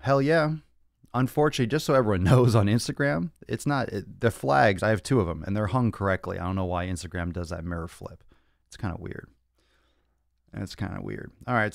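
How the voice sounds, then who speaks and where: Fairly low and gravelly, this young man's voice comes through a dry recording. He's running a casual Q&A livestream for his fitness podcast from a home studio with monitors and cameras, joking brashly and swearing as he fields viewer questions.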